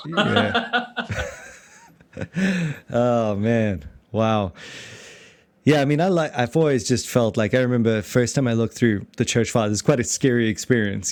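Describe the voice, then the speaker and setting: Low-voiced South African man, dry sound. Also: a little mellow, no echo. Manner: rambling, many restarts and fillers, laughs easily. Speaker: podcast host and pastor. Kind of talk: casual theology podcast chat.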